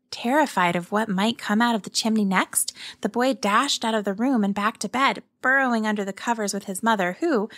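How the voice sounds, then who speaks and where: A woman hosting a children's podcast, narrating a fairy tale in a gentle, measured way. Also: medium pitch, no echo, clean studio sound. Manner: gentle, measured, slow storytelling. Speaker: storyteller and podcast host.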